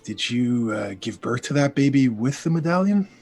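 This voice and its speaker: A man's voice: mid-range voice, expressive, moderate pace, darkish tone, faint music behind. A man playing in a tabletop game, thinking aloud hesitantly about his character's moves. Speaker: player. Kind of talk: casual tabletop play.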